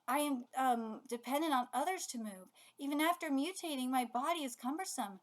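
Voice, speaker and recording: A woman reading the lines of a bloodthirsty mutant parasite creature aloud in a slow, flat, commanding way. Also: high voice, close to an everyday voice. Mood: menacing.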